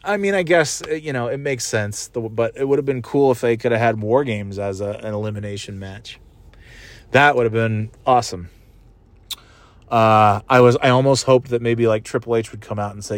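Fresh out of a wrestling event in a city, a male vlogger rambles casually, swearing a lot, laughing often, and making goofy sound effects. His medium-pitched voice moves at a moderate pace in a dry recording.

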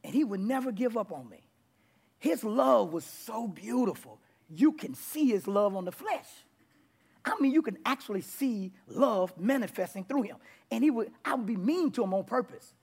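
A man preaching his testimony to a congregation in a church, with a rough, abrupt delivery that bursts into loud, excited passages. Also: high-pitched, moderate pace. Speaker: guest preacher. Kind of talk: testimony sermon. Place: church sanctuary before a congregation.

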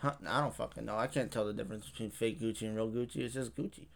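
A young man co-hosting a podcast, telling stories in a rambling, animated way with heavy swearing. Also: on the low side, very fast, vocal fry, crowd noise. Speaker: podcast co-host. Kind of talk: casual chat.

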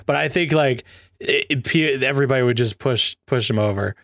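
A man's voice: mid-range voice, a little fast, vocal fry, a bit bright, dry recording. Giggly man rambling in a dry room. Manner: laughs often, rambling and playful. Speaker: podcast co-host. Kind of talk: casual chat.

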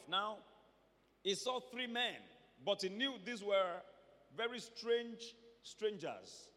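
A man preaching a sermon to a church, moving between quiet asides and emphatic, shouted lines. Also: high-pitched, animated, takes it slowly, big-room sound.

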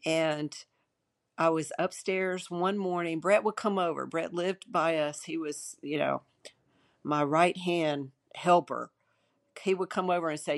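A woman's voice: deep voice, a little slow. A woman pastor, older, sharing a personal testimony in an earnest, emotional way with many restarts.

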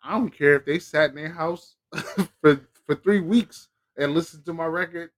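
A man hosts a laid-back podcast conversation, joking around and laughing often. His voice sits a bit high for a man. English is not his first language. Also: moderate pace. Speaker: podcast host. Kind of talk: casual interview chat.

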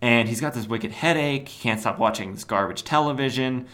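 A man's voice: medium pitch, brisk, a bit bright. A man hosting a podcast, recapping a comic in a rambling, casual way with filler words. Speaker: podcast host.

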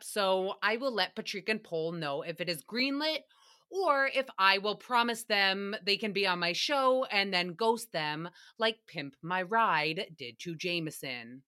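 A young adult woman hosting a casual recap podcast, talking in an animated, playful way and slipping into silly voices. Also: mid-range voice, unhurried, clear, resonant tone. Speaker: podcast host.

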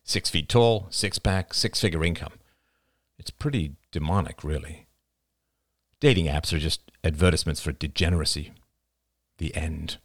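A man reading the lines of a blunt, guarded man with grim views, in a flat, terse manner. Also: rumbling low, normal speed, long pauses, no room sound, clean studio sound. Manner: flat, terse, matter-of-fact. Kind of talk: audiobook character reading.

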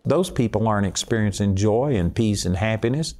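A man's voice: lowish voice, expressive, a little fast, darkish tone. A man preaching a sermon in an earnest, emphatic way.

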